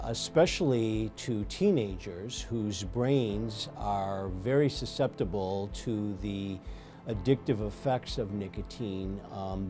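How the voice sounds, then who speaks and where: A man speaking as a pulmonologist in an interview, giving measured explanations with frequent ums and uhs. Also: on the low side, dark tone. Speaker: pulmonologist guest. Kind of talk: medical interview answers.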